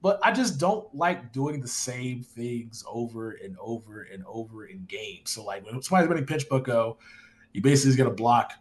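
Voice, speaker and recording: A man in his twenties chatting casually on a live stream, animated and rambling, swearing now and then. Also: mid-range voice, normal speed. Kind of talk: casual live-stream chat about a football video game.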